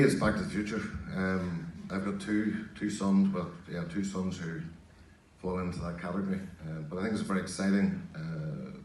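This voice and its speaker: A man's voice: deep voice, a little mellow. A man in his fifties speaking on a conference panel, hesitant, with many restarts. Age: 50s. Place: large conference hall. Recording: echoey hall from far off.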